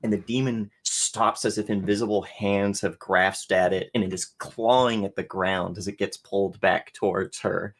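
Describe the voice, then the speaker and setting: A man's voice: on the low side, steady tone, moderate pace, hardly any pauses. A man narrating as game master in a tabletop role-playing game, vivid and laughing, with some swearing.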